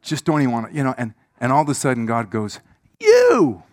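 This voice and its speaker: Racing through his sermon, a middle-aged pastor recounts a personal story in church, lurching between shouting and hushed asides with a slightly squeaky throat. The recording is dry and of studio quality.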